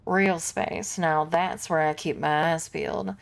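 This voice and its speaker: Woman doing a gruff Southern helmsman. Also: low-pitched, steady tone, unhurried, pitched below the performer's own voice. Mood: grumbling. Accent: put-on American Southern. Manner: blunt, folksy, grumbling. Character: gruff veteran male starship helmsman. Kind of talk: reading game dialogue aloud.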